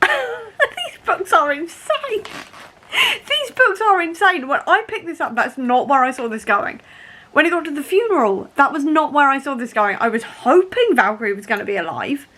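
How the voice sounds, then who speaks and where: A woman's voice: fairly high pitch, a bit bright. A young woman vlogging casually about a book she is reading, gushing and emotional, often laughing.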